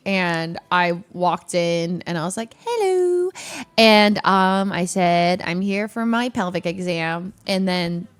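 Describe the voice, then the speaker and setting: A young woman telling a story in casual chat, acting out quotes with sudden squeaky high notes. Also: takes it slowly, clear, resonant tone. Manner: animated, acts out quotes with sudden squeaky highs. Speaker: streamer.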